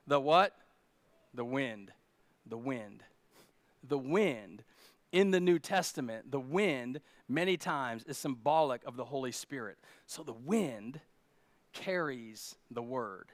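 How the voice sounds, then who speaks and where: A pastor preaching a sermon with animated, dramatic swings in volume and folksy, humorous asides. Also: male voice, a little high, no room sound.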